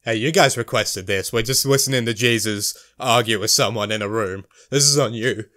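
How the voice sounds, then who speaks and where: A man doing an impression of a loud, goofy middle-aged cartoon dad, hosting a comedy night in voice chat. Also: fairly low pitch, moderate pace. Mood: exasperated.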